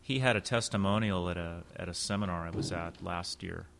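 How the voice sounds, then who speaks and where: A man's voice: low voice, a little fast, vocal fry, background noise. A man hosting a casual conversation who gives blunt, opinionated remarks. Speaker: host.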